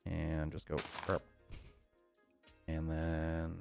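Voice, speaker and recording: A man's voice: sits low, takes it slowly, creaky, mellow, soft background music. A man streaming a game, chatting casually and rambling to himself with frequent chuckles. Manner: rambling, self-talking, chuckles often. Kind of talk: casual live-stream chat while playing.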